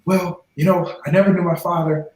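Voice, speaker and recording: Echoey-voiced former football player telling stories. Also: male voice, sits high, brisk. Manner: animated storyteller, acting out voices in quoted dialogue. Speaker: guest, former NFL player. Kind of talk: storytelling in a podcast interview. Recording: echoey room.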